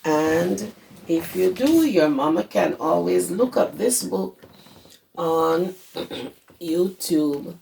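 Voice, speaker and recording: A hoarse woman who teaches preschool, reading a picture book aloud to young children and stopping to explain words. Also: low-pitched, dark tone, a little hiss or hum. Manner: explains words to small children as she reads. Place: her home.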